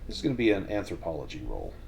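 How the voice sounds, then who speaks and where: A man narrating a tabletop horror game as game master, measured and descriptive, with frequent restarts. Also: low-pitched, big pitch swings, gravelly, a little mellow, slight background noise.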